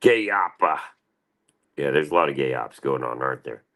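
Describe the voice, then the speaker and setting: A man's voice: very deep voice, animated, normal speed, a bit bright. A man hosting a casual livestream, rambling and swearing as he answers chat. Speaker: livestream host.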